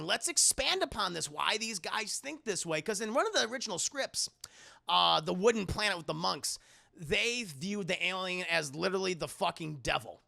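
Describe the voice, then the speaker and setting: A young man with a high, bright voice and a heavy gravelly fry runs through a movie scene by scene for his live chat. He is sarcastic and profane, and he keeps slipping into quick impressions of the characters. The delivery is casual and riffing, never scripted. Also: lively intonation. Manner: sarcastic, jokey, swears freely, acts out characters in quick asides. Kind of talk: casual profane film recap.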